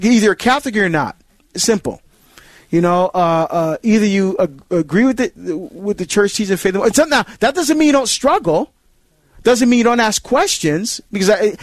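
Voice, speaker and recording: High-voiced earnest male radio host. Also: no room sound. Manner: earnest, repetitive restarts, acts out challengers' voices. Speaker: Catholic radio show host. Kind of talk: call-in radio talk on faith.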